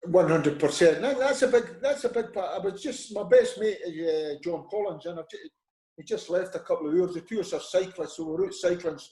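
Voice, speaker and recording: Animated Scottish man with a dark voice. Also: sits high, brisk. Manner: animated anecdotes, acting out quoted voices. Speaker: former football manager, guest. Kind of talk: conversational storytelling. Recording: roomy echo.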